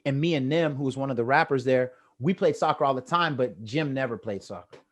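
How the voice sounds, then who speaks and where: A man with an American accent telling lively stories in casual chat over a video call, acting out the quotes with a rising voice. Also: medium pitch, brisk. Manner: animated, acts out quotes with rising voice. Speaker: guest storyteller.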